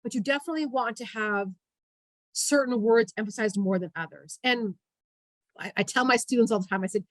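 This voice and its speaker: A woman giving an online workshop on public speaking. She talks in an energetic, emphatic coaching tone over a video call. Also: on the high side, fairly quick, dry recording, rough recording.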